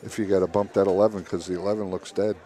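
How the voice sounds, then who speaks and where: A man and pool player sitting in as guest commentator, casual and quick to laugh. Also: deep voice, flat delivery, warm tone. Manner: casual, laughs easily, short reactions. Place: commentary booth at a billiards hall.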